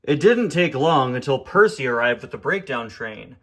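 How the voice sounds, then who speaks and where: A man's voice: mid-range voice, big pitch swings, moderate pace, hardly any pauses, a bit bright. A man narrating a toy-train parody story in an offhand, jokey way.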